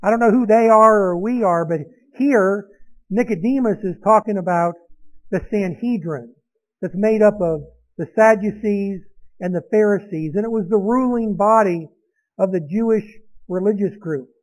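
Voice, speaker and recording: A man's voice: high-pitched, normal speed, low-quality recording. A man preaching a sermon, explaining a Bible passage in a conversational way with asides to his listeners.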